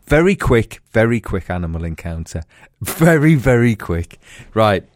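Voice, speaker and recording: Animated man telling a story. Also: on the low side, unhurried, no room sound, clean studio sound. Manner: animated, laughing through stories, acts out voices. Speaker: podcast co-host. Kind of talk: casual storytelling chat.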